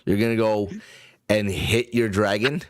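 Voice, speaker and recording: A man narrating a tabletop game as game master, halting and searching for words with many fillers. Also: on the low side, steady tone, no room sound, clean studio sound.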